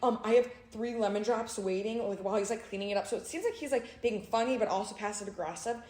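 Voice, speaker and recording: A young woman co-hosting a podcast, telling an animated story full of fillers and bursts of laughter. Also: mid-range voice, fast, a little hiss or hum. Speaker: podcast co-host. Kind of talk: casual storytelling chat. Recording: roomy echo.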